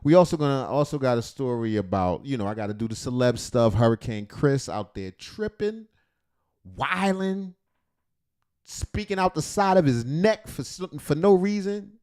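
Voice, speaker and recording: A man's voice: mid-range voice, animated, normal speed, hardly any pauses, darkish tone, clear, resonant tone. A man hosting a casual livestream, rambling playfully between jokes and earnest talk. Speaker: livestream host reacting to videos.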